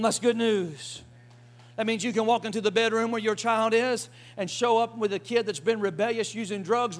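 A man preaching a sermon with emphatic call-and-response, folksy phrasing, and shouted hallelujahs. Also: high voice. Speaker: pastor.

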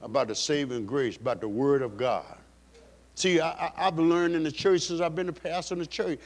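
This fairly high-voiced male preacher gives an emphatic sermon in a pastor's manner, driving home every point and restating his central lines. His intonation stays fairly even, and his speed is normal.

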